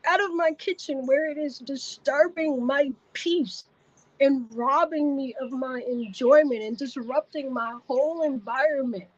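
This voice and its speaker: A woman's voice: high voice, expressive, normal speed, lo-fi sound. A woman vlogger telling a personal story to the camera, vivid and repetitive in her retelling.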